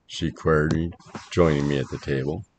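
A man narrating a first-person creepypasta story in a measured voice that grows tense at the scares. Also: very deep voice, fairly even intonation, slight background noise.

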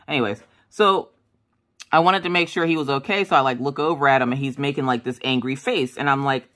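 Bright-voiced chatty woman telling a story. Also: moderate pace. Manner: chatty, animated, acts out quotes in a high voice. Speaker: crafting vlogger. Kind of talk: casual storytelling chat.

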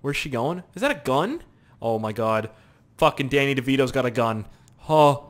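Young man, gameplay commentary, profane, excitable, animated pitch, loud outbursts. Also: normal speed.

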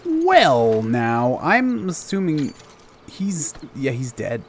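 Casual male streamer, animated, rambling curious asides. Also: medium pitch, a little slow, a little hiss or hum. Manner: chatty, curious, thinks aloud. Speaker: gamer. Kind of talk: let's play commentary.

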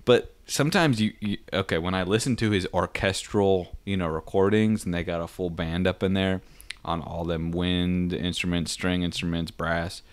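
A man's voice: sits low, steady tone, moderate pace. A young man co-hosting a podcast, chatting casually and telling stories in a laid-back way. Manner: laid-back, storytelling, says "dude". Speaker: podcast co-host. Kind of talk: casual chat.

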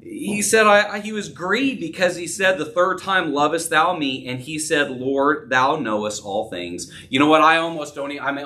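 A man's voice: pushed and bright, a little hiss or hum. A man preaching a sermon as pastor, earnest, acting out scripture dialogue in his voice. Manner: earnest, acts out dialogue with rising pitch. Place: church sanctuary. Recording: distant from the mic.

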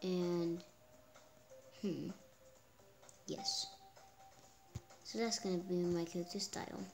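Woman, casual gameplay chatter, excitable, unhurried delivery, game music clearly under her voice. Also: fairly low pitch. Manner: excitable, exclaims often, talks herself on. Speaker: gameplay streamer. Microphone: phone screen recording.

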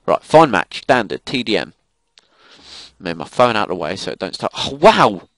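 A man's voice: sits low, big pitch swings, normal speed, a bit bright, no room sound. A young man giving live commentary over a shooter game, swearing and ranting in frustrated outbursts. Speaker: gaming commentator.

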